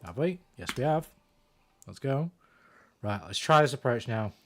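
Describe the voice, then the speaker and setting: A man streaming a fighting game, swearing casually and thinking out loud about his strategy. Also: medium pitch, expressive, normal speed, a little hiss or hum. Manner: profane, thinks out loud, self-deprecating. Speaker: gaming streamer. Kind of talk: casual commentary while playing a fighting game.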